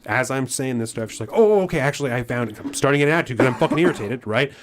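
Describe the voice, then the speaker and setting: A man's voice: medium pitch, very fast, slight background noise. A man on a podcast retelling a frustrating customer service visit in casual chat, acting out both sides and swearing as he gets worked up. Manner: animated retelling that grows into irritated ranting; swears freely. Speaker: podcast co-host.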